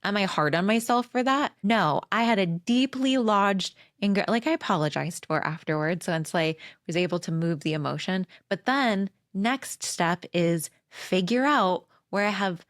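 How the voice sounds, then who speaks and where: A woman's voice: mid-range voice, unhurried, few pauses, no echo, studio quality. A woman in her forties hosting a podcast, talking frankly and casually with lots of "like" and some swearing, acting out quoted conversations. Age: 40s. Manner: candid and profane, fillers of "like", animated re-enacting of quotes. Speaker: podcast host. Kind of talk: casual spiritual self-help monologue.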